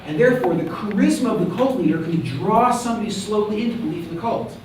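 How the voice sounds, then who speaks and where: A man lecturing as a rabbi to students, animated and joking, firing rhetorical questions at the room. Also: high voice, quick pace. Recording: very echoey room, mic at a distance, faint background hum.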